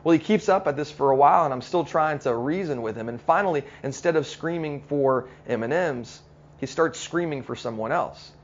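A middle-aged man preaching a sermon as a pastor, telling stories in an earnest way and slowing down to stress key points. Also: a little high, dull audio, a little hiss or hum. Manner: storytelling, earnest, slows down for emphasis.

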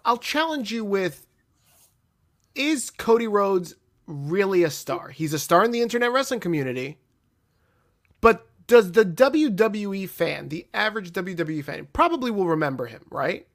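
A man's voice: sits high, very animated, moderate pace, a bit bright. A man co-hosting a podcast in a casual debate, pushing back and challenging the others, with some swearing. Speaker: podcast co-host.

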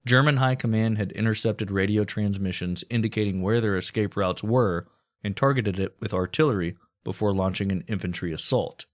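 Male podcast co-host, lowish voice, casual profane history narrator. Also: brisk. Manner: storytelling with crude jokes and profanity.

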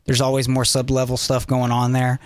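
A man talking casually about markets as a guest, animated and rambling, with lots of fillers. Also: medium pitch, fairly quick, no room sound. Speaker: finance guest. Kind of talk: casual chat.

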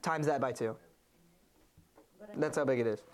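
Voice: medium pitch, measured pace. Young host, casual and rambling, stops and restarts a lot; podcast chat voice. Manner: rambling, many fillers and restarts. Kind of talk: casual chat, retelling a movie.

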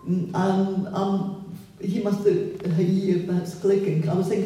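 An older woman with a foreign accent, a photographer telling her stories slowly and reflectively in a public conversation at a gallery. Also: medium pitch, steady tone, mellow. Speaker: photographer, guest. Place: gallery hall with an audience. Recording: echoey hall, voice from far off.

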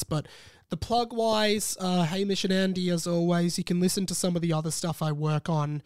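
Man, sore throat, high-pitched, playful rambling podcast host. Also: steady tone, normal speed, darkish tone, clear, resonant tone, no room sound. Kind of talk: casual solo podcast chat.

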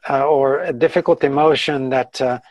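A man co-hosting a podcast, speaking in a measured, hesitant way with frequent fillers as he sums up points. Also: medium pitch, steady tone, dry recording. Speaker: podcast co-host. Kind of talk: conversational podcast discussion.

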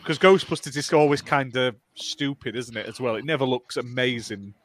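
A man's voice: mid-range voice, moderate pace, no echo. A man, rambling through casual gaming-podcast chat with many restarts. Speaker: podcast co-host.

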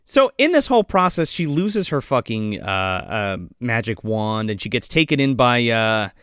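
A man's voice: mid-range voice, sing-song, moderate pace, fairly bright tone, clean tone, no echo, studio quality. A man chatting casually as he recaps a film, rambling with lots of swearing and fillers.

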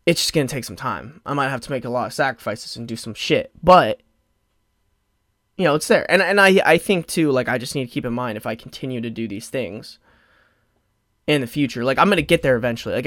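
A man's voice: medium pitch, lively intonation, a little fast, a bit bright, no echo. Rambling young man podcasting, dry sound. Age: 20s. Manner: rambling, heavy use of "like" fillers, frequent restarts; emotional, openly close to tears at times. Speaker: podcast host. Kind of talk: solo podcast chat. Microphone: podcast microphone.

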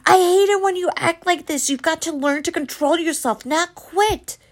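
A woman voicing a furious, frantic mother at her wits' end, shouting in a storybook reading. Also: moderate pace. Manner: shouting, shrill.

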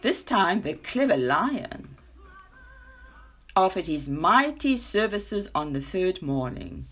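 A woman narrating a children's story in an expressive, dramatic read-aloud style. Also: on the low side, slow, husky, soft background music. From South Africa.

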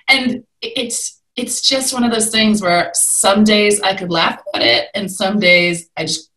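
A young adult woman, a guest in a conversational interview, speaking candidly and telling her story with lively swings in pitch. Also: normal speed, hardly any pauses, roomy sound, rough recording.

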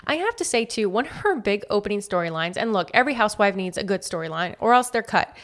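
A woman's voice: medium pitch, big pitch swings, fast talker, fairly bright tone. A woman co-hosting a podcast, chatting casually and acting out quotes in mock voices. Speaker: podcast co-host. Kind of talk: casual gossip chat.

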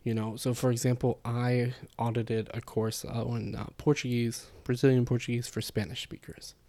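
A man talks through his ideas on a solo podcast in a mellow, warm voice. He explains things casually and loosely, with plenty of fillers and little asides. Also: medium pitch, level tone, normal speed. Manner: chatty and explanatory, with frequent fillers. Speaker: podcast host. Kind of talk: casual spoken podcast monologue.

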